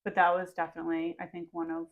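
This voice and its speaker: A woman's voice: fairly low pitch, completely flat delivery, fast, lo-fi sound. A woman co-hosting a podcast, talking in casual chat with plenty of fillers. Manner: chatty, full of fillers. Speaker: podcast co-host.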